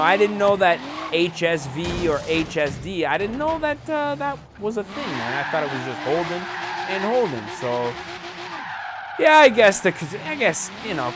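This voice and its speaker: A man casually commenting on his own racing gameplay, rambling and laid-back, full of fillers. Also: on the high side. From Canada. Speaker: gaming YouTuber. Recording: loud game car and tire noise under the voice.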